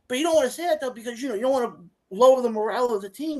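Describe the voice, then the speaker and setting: A woman's voice: high-pitched, quick pace. A woman co-hosting a sports podcast, emphatic and sarcastic in casual talk. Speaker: podcast co-host.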